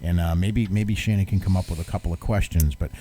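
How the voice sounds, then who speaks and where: A man's voice: deep voice, fairly even intonation, fast talker, mellow, a little hiss or hum. A man hosting a live talk show, chatting casually, joking and laughing often. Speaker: radio talk show host.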